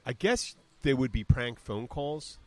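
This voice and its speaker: Animated yet measured, the podcast host speaks in a mid-range voice with a darkish tone and no echo. He's a Southern US man in his fifties who rambles through stories and imitates voices while retelling them.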